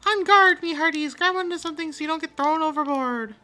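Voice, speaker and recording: A woman's voice: sits high, fairly quick, bright, forceful tone, voice pushed up. A woman playing a rowdy pirate sailor, calling out to the crew in swaggering pirate talk while playing a video game.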